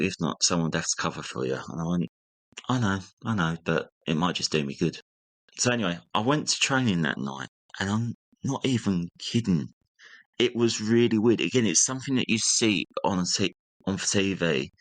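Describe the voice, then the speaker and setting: A man's voice: low voice, no echo. A young man casually retelling a family story, acting out what each relative said. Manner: animated retelling, acting out family members' lines. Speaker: guest.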